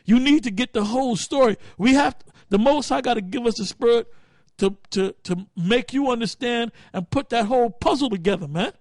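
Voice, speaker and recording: Man, high voice, blunt profane preaching, keeps groping for words, dry close sound. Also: brisk, no room sound. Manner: blunt, profane street talk with frequent "man"; loses words and restarts while thinking aloud. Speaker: teacher leading a group study. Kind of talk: casual preaching talk.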